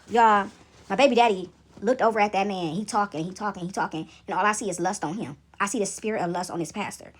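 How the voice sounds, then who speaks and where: Husky and medium-pitched, a young adult vlogger talks a little fast as she chats casually to her viewers. She's rattled by the story she's telling and keeps tagging lines with "right?" and "y'all."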